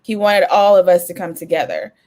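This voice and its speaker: A woman's voice: fairly low pitch, big pitch swings, a little fast, darkish tone. A young woman co-hosting a podcast, chatting casually with restarts and frequent laughter. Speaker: podcast co-host.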